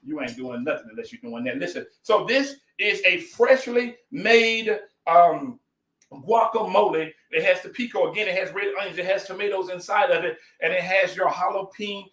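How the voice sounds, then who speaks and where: A man's voice: high-pitched, normal speed, fairly bright tone, echoey room, poor audio. A man hosting a casual live cooking stream, folksy and effusive, greeting his viewers by name.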